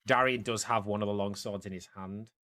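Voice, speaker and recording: A man's voice: lowish voice, steady tone, brisk, pushed and bright. A man narrating as game master for a tabletop game, talking loosely with lots of fillers and restarts. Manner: rambling, many fillers and restarts.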